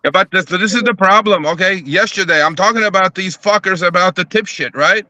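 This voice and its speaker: Brief: bright-voiced man, profane and animated, in a dry studio, acting out the calls. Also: sits high, brisk, dry recording. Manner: profane, animated storytelling, acts out phone calls. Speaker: rideshare driver advocate, guest. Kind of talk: heated casual podcast talk. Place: live podcast studio.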